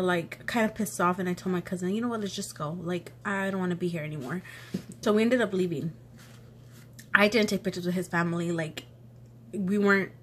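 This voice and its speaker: A young woman vlogger telling a personal story in casual chat, sniffly and sneezing from allergies, animated and full of quoted back-and-forth. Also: on the low side, a little hiss or hum. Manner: chatty, animated retelling with quoted voices.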